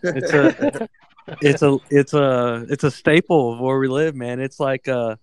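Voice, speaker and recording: A man's voice: medium pitch, unhurried, a crowd in the background. A man joking around in casual podcast banter, swearing and tripping over his words. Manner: joking, profane, stumbles and repeats words. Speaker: podcast co-host.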